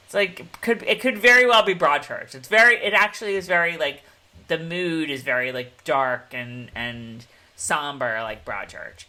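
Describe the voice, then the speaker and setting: A woman's voice: low voice, normal speed, pushed and bright. A woman co-hosting a casual chat show, talking in a rambling, chatty way and laughing often. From Pennsylvania, USA. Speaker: co-host.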